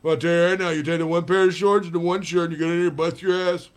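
A man impersonating a gruff old football coach with a lisp, blustering through a fiery pep talk. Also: fairly high pitch, level tone, rapid-fire, close to an everyday voice. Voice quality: lisping, spitting, blustery. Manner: loud, boastful, rambling threats.

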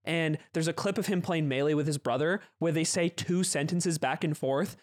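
A man hosting a casual podcast, telling animated stories and laughing often. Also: on the high side, normal speed. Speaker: podcast host. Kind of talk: casual chat.

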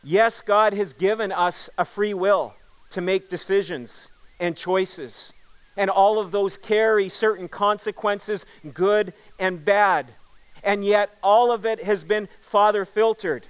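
High, clear-voiced male pastor preaching. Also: slow pace. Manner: earnest preaching with emphatic repetition. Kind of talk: sermon.

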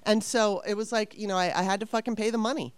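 A woman's voice: mid-range voice, fairly even intonation, fast talker, clean tone, no room sound. A woman in her fifties telling a story casually, rambling and swearing with exasperation.

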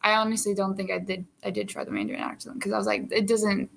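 A young actress chatting in an interview, animated and full of fillers and laughs. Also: female voice, mid-range voice, racing, creaky, slight background noise, rough recording. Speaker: actress guest. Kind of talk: casual interview chat.

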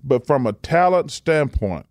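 A man, a co-host telling an excited, emphatic story in casual chat. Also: medium pitch, unhurried, no echo, clean studio sound. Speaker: co-host, former basketball player.

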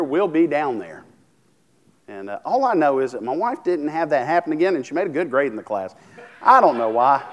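Man preaching a conversational sermon. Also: fairly high pitch. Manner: conversational preaching, asks the congregation questions, many restarts. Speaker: pastor.

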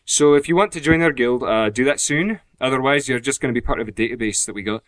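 A man's voice: mid-range voice, quick pace, a bit bright, no room sound, studio quality, lightly acted. A man playing a podcast host who reads announcements in a hammed-up, put-on Scottish accent, stumbling now and then. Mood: hammy.

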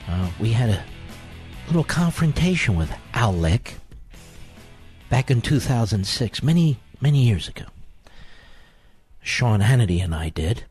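A man's voice: on the low side, sing-song, unhurried, pauses often, a little mellow, husky, no room sound, soft background music. A man hosting a talk radio show, delivering a combative, sarcastic monologue full of mocking insults.

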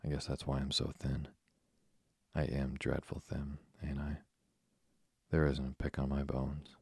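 A man's voice: extremely low pitch, monotone, a little slow, creaky, a little mellow, husky, no room sound, studio quality, heavily acted. A man reading a chatty orphan girl. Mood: chattering. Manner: rambling, eager.

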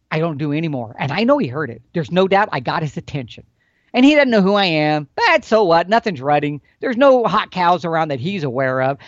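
Animated folksy man explaining. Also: fairly high pitch, no echo. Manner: animated, folksy, demonstrating with expressive swings. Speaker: elk hunting expert guest. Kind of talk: casual instructional explanation. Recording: dull, dry recording.

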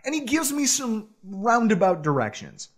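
A man co-hosting a podcast, telling a self-deprecating story in a casual, animated way with frequent laughs. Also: high voice, moderate pace, husky. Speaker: podcast co-host.

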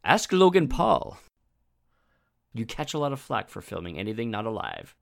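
A man co-hosting a podcast, chatting casually and dropping dark deadpan jokes. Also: fairly low pitch, moderate pace, gravelly. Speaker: podcast co-host. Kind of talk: casual chat.

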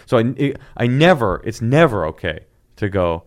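A man, a former sign language interpreter, telling animated stories in casual chat and acting out voices. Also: lowish voice, moderate pace. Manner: animated storytelling, acts out voices.

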